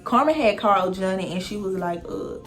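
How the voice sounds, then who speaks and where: A young woman casually telling her viewers a story, animated and profane, talking straight to them. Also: medium pitch, brisk, faint music behind.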